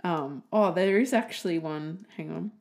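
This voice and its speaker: Giggly, rambling woman host, slow and low. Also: vocal fry, darkish tone. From Australia. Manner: giggly, self-mocking, goes off on tangents. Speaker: podcast host. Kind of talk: rambling casual podcast monologue. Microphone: desk mic, typing heard.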